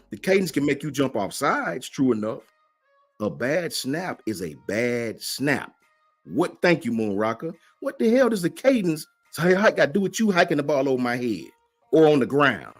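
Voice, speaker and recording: A man hosts a livestream and answers the chat, emphatic and slangy, firing off rhetorical questions. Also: medium pitch. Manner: slangy, keeps asking "right?". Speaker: host of a college football fan channel.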